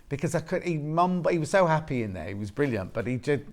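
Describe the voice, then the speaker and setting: Quick and very animated, with a slightly high voice, a West Midlands man presents live on a TV shopping channel from the studio. His sales patter is chatty and jokey, full of banter and repeated prices.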